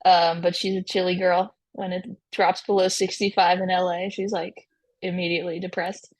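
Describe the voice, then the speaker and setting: A woman with a lowish voice chats as a podcast guest in a relaxed, way. She laughs easily and fills her talk with ums, likes and restarts. The sound is close and dry, with no room around it. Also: moderate pace, no echo. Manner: laughs often, many fillers and restarts. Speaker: podcast guest, musician and producer. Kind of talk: casual interview chat.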